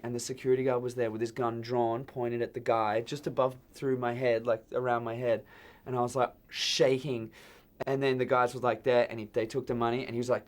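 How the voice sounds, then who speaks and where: Australian man, casual storyteller, mid-range voice, animated delivery with quoted voices and repeated words. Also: medium pitch, fairly quick. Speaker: band member guest programmer. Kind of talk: casual anecdote telling.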